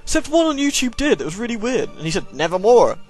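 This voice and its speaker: Man, let's play host, sore throat, sarcastic commentary, bouncy pitch. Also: big pitch swings, fast talker, soft background music. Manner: jokey, sarcastic. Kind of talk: gameplay commentary.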